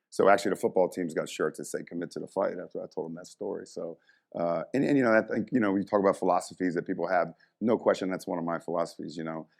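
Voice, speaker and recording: Brief: middle-aged male strength coach, very low voice, loose animated storyteller who swears and leans on "you know". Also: quick pace, vocal fry. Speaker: strength coach and motivational speaker. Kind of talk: casual storytelling talk.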